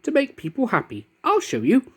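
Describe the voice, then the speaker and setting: A storybook reader voicing a cheerful little male character in a small, high voice. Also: huge pitch swings, normal speed, husky. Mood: instructive.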